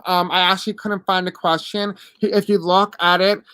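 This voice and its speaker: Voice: medium pitch, little pitch movement, bright, forceful tone, a little hiss or hum. Apologetic live-stream reader with deaf accent. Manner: halting and apologetic, many fillers. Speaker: host giving live spiritual readings. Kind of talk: live-stream reading, answering chat questions.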